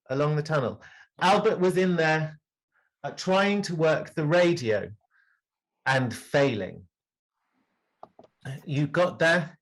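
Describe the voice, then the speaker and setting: A man improvising as a detective, laying out a murder accusation in a rambling way with many fillers. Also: a little high. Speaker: improv performer playing a detective. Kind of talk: improvised theatre narration.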